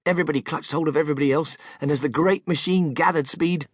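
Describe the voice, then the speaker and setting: A man narrating a children's audiobook in an animated, expressive storytelling manner, close to the microphone. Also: on the high side, fast, hardly any pauses, no room sound. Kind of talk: scripted narration.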